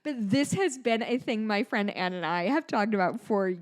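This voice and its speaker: A woman's voice: medium pitch, animated, normal speed. A woman in her thirties co-hosting a podcast, chatting casually in a rambling way, with swearing and self-deprecating asides. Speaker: podcast co-host. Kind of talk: casual chat.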